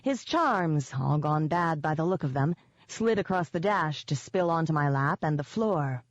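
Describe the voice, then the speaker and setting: A woman reading first-person fiction aloud as an audiobook narrator, with an even, wry storytelling manner. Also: deep voice, unhurried, no room sound. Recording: dull dry lo-fi audio.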